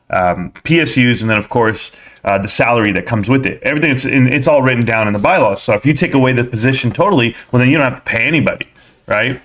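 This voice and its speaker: A male live-stream host with a mid-range voice, chatting casually and with energy about stocks. He keeps turning to address his viewers directly, in a loose, conversational run of talk. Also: medium pitch. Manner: energetic, talks straight to viewers as "guys".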